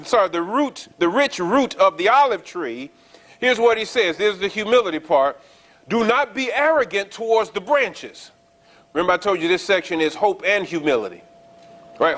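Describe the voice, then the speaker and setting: A man preaching a sermon, explaining scripture in a conversational way, checking in with his listeners and slowing down to stress the verses. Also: sits high, a bit bright. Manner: explains scripture conversationally, often asking the congregation "right?"; reads verses slowly and stresses key words. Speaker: pastor.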